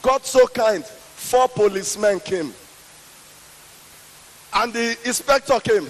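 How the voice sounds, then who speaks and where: A Nigerian man tells stand-up stories in a very high voice with slow, deliberate, drawn-out emphasis. His Nigerian accent is clear throughout. A long reverb from a big hall trails each phrase. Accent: Nigerian English. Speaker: stand-up comedian. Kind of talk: stand-up storytelling. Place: large hall with a live audience.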